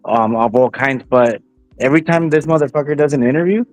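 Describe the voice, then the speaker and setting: A man's voice: mid-range voice, fairly quick, dry recording, faint music behind. Man speaking from far off the mic. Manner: candid, profane. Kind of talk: casual boxing chat.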